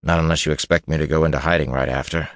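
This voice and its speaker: A man voicing a gruff, menacing hardened killer who mutters and growls his lines in an audiobook reading. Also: a bass voice, fairly even intonation, racing, no echo, studio quality. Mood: gruff, wary.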